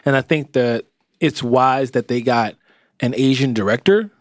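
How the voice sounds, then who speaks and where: A man's voice: medium pitch, a little slow, no room sound, clean studio sound. Wry, teasing man co-hosting a podcast. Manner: wry, teasing, thinks aloud. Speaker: podcast co-host. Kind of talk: casual chat. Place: podcast studio.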